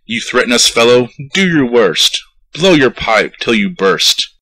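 A man's voice: fairly low pitch, animated, moderate pace, sharp tone, poor audio. A man reading a poem aloud, voicing a greedy, blustering town mayor who raises his voice to wheedle and scold. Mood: indignant. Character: scheming greedy town mayor, male, middle-aged. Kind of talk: poetry recitation.

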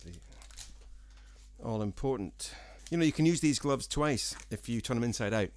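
Dry-joking man with a softened Scottish accent. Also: mid-range voice, expressive, a little slow. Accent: Scottish, softened by years in England. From Scotland. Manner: dry, self-mocking, jokey asides. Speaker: singer-songwriter. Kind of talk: rambling casual vlog chat to viewers. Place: small room at home, with a fan.

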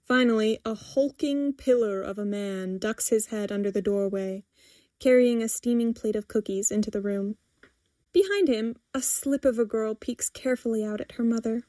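Woman narrator, wry measured reading, higher voice. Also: warm tone, dry recording, studio quality. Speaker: story reader. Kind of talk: scripted narration.

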